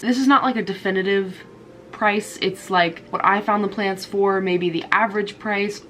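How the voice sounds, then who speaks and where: A woman's voice: lowish voice, fairly bright tone, slight background noise. A young woman vlogging about her houseplants, chatty and gushing, with a stuffy nose from a cold. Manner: chatty and gushing, frequent "like" and laughs. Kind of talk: casual chat to camera.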